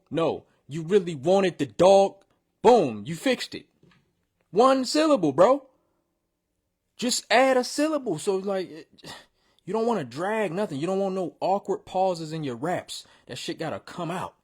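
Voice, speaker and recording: A man critiques submitted rap verses in a casual, slang-heavy way. His voice sits a bit high for a man, and he gets animated and blunt when he coaches. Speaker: host reviewing song submissions.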